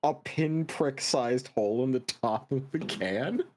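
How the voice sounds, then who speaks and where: A man's voice: medium pitch, a little slow, a little mellow, slight background noise. A man co-hosting a game stream, rambling and incredulous, swearing as he chats. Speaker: stream co-host. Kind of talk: casual let's-play chat. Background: game music.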